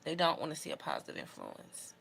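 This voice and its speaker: A woman's voice: sits low, wildly swooping pitch, brisk, vocal fry, fairly bright tone, slight background noise. A young adult woman vlogging casually to camera, talking in an emotional, heartfelt, rambling way. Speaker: beauty vlogger.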